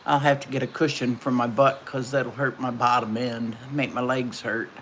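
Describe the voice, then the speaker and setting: A woman's voice: rumbling low, little pitch movement, normal speed, a bit bright, a little hiss or hum. A middle-aged woman, chatting casually and telling folksy stories while hosting a livestream. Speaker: livestream host.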